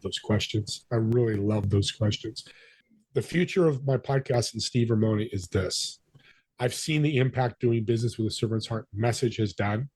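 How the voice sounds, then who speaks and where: Man, husky voice, mid pitch, animated storytelling, dry close sound. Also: normal speed, dry recording. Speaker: podcast guest, business connector. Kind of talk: storytelling interview talk.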